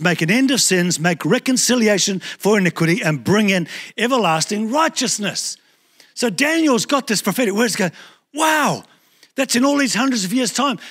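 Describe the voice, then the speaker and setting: A male pastor with a New Zealand accent preaching a sermon in a conversational, animated way, acting out little asides. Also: high voice.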